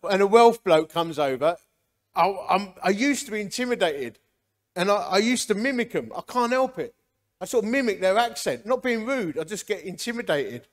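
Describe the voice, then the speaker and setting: An animated preacher tells a funny story from his ministry. His voice sits fairly high, and his delivery is chatty and lively. He sounds like a natural, unpolished storyteller. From Romford area, England. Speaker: ministry leader. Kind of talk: humorous preaching testimony.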